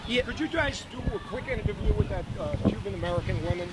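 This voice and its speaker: A man with a high voice calls people over and tells them what to do at an outdoor rally. His manner is direct and a little bossy. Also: lively intonation, quick pace, very noisy. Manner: direct, bossy, coaxing others. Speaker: rally organizer. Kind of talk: casual talk at a rally.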